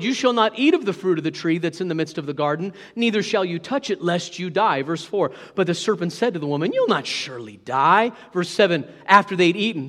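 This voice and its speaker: High-voiced preacher in a reverberant hall. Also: male voice, a bit bright. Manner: emphatic, questions the congregation. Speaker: pastor. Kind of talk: sermon.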